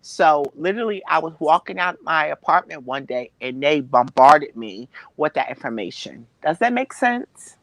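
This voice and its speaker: A woman with a lowish voice, recorded close and dry, tells a personal story as a guest on a talk show. She hesitates, restarts and repeats herself, leaning on fillers as she works through the account. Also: very animated, moderate pace, few pauses, no room sound, low-quality recording. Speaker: interview guest.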